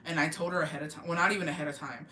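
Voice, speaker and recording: A woman's voice: sits low, fairly even intonation, very fast, bright, forceful tone, a little hiss or hum. A woman from Texas telling stories in casual chat, profane and gossipy, mixing in Spanish words. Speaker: livestream host. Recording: roomy echo.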